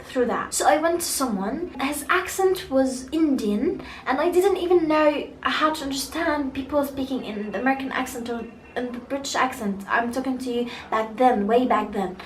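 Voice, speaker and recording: A young woman who grew up speaking chats through a personal story in a high, light voice. She rambles casually with lots of fillers and restarts. The sound is roomy and echoey, with a faint hum of ambience behind her. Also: moderate pace, few pauses. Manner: chatty, many fillers and restarts. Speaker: vlogger.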